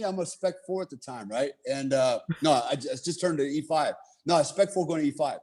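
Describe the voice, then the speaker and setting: A middle-aged American man, a military veteran, telling a war story in a casual interview, animated and swearing freely, laughing along as he talks. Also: on the high side, fairly quick, few pauses.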